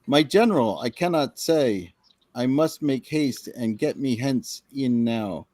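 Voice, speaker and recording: A man's voice: medium pitch, animated, unhurried, a little mellow, no room sound. A man reading a roguish male space smuggler in Shakespearean-style verse. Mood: resolute.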